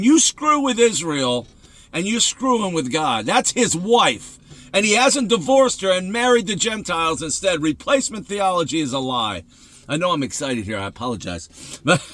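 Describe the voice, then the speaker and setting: Man preaching excitedly, lively swooping voice, laughs a lot, dry close sound. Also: sits high, no echo. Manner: excitable, laughs often, emphatic repetition. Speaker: host of a devotional show.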